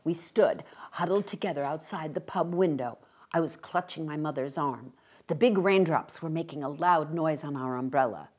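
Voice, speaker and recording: A woman reading a short story aloud with expressive, brisk narration. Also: deep voice, husky. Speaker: reader.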